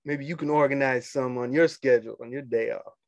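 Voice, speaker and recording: A man, a union organizer talking casually to fellow members, animated and quick to laugh and scoff. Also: mid-range voice, dry recording. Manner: animated, laughs often, dismissive asides.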